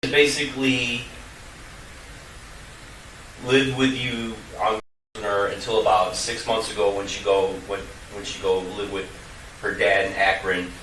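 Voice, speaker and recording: A man's voice: fairly low pitch, fairly even intonation, unhurried, pauses often, a bit bright. A man working as a detective, asking short, pointed questions during an interview. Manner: brief acknowledgements and pointed questions. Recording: echoey room from a distance, faint noise.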